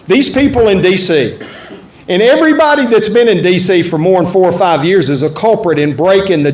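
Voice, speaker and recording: High-voiced folksy politician. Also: male voice. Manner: folksy, blunt, joking asides. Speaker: politician answering audience questions. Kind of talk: campaign town-hall speech and Q&A. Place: event room at a resort. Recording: echoey room with faint ambience.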